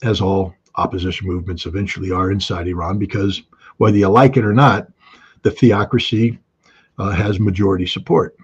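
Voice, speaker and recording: Husky low-voiced man, lo-fi commentary. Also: steady tone, a little fast. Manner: conversational, frequent ums and restarts. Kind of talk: analytical commentary.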